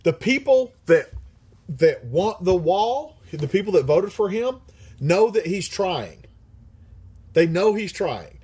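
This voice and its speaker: A man's voice: high voice, darkish tone, husky. A middle-aged man hosting a livestream, reading viewer comments aloud in a blunt, profane manner and laughing often. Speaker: livestream host.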